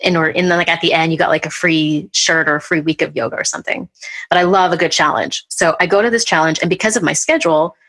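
A woman hosting a podcast, chatting casually and telling a personal story with lively, acted-out retellings. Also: low voice, fast talker. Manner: animated storyteller, acts out what people said. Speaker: podcast host.

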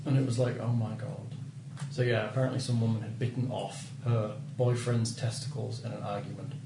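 A man's voice: on the low side, flat delivery, brisk, gravelly. Guy bantering at the game table, distant echoey mic, noise behind. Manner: crude, joking, chatty.

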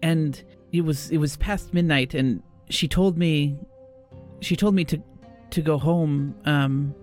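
A man's voice: on the high side, fairly even intonation, slow, a little mellow, faint music behind. A man voicing a nervous, shaken young woman who works as a seamstress's apprentice, stammering and close to tears.

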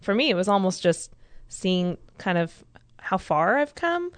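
A woman's voice: mid-range voice, very animated, a little slow, no room sound. A woman in her thirties telling a personal story in a casual group discussion, candid and emotional. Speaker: discussion participant.

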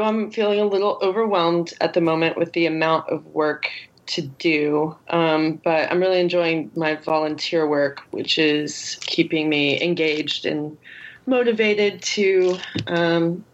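A woman joins a podcast over a video call, and her voice comes through dull and lo-fi. She speaks in a slightly low register, earnest and a bit self-deprecating. The talk is casual. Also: fairly even intonation, unhurried. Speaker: podcast guest, student. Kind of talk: casual chat.

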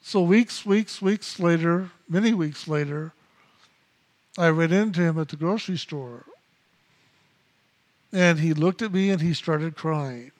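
A man giving a spiritual meditation teaching, speaking slowly and in a measured way and repeating key phrases. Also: on the high side.

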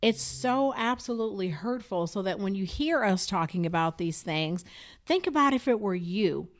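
A woman's voice: mid-range voice, animated, moderate pace. A woman co-hosting a casual discussion, talking in an impassioned, emphatic way.

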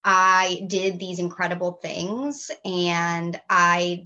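A woman's voice: mid-range voice, measured pace, bright, forceful tone. A woman guest in a casual discussion, speaking in an earnest, reflective way. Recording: dull lo-fi recording.

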